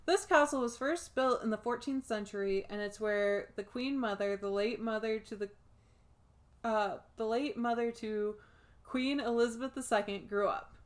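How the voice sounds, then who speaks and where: A woman's voice: on the high side, normal speed. An American woman co-hosting a casual podcast, reading out notes and stumbling over names. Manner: reads history notes aloud, stumbling on names. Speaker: podcast co-host.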